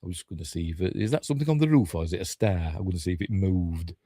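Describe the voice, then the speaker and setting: A man's voice: sits low, fast talker, dark tone, no room sound, studio quality. A man with a Yorkshire accent giving a casual, rambling watch-along film commentary, thinking aloud and correcting himself as he goes. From Yorkshire, England. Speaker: film reviewer.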